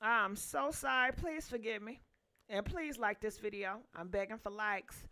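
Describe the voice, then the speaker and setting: A woman hosting a gossip channel, chatting casually with sassy, teasing asides and loud outbursts. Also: mid-range voice, unhurried.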